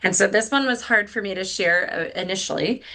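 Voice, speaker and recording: As a podcast guest, a middle-aged woman tells a candid, self-deprecating story, her medium-pitched voice brisk, pushed and bright with vocal fry. It's casual storytelling, with many fillers and restarts.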